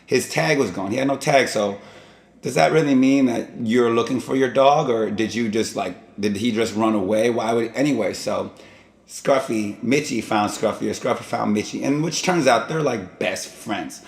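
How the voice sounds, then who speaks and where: A man's voice: medium pitch, moderate pace, vocal fry. A man hosting his own vlog, telling stories in a casual, rambling and digressive way. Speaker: vlog host. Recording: echoey room.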